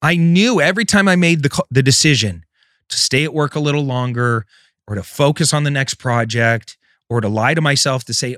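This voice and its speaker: A man's voice: mid-range voice, brisk, no room sound, clean studio sound. Intense man telling a raw story. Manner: intense, swings between loud and hushed. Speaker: podcast host. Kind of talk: emotional personal storytelling.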